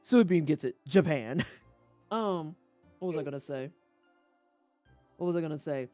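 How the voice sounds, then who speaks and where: A woman's voice: low voice, moderate pace, dark tone, no echo, faint music behind. A woman streaming a game, talking casually and ranting with profanity and quoted voices. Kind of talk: casual livestream commentary.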